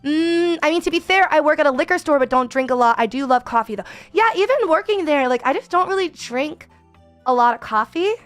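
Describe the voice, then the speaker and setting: A woman's voice: high voice, expressive, fairly quick, fairly bright tone, no room sound, soft background music. A woman streaming a casual chat, rambling with many fillers and reading viewer messages aloud.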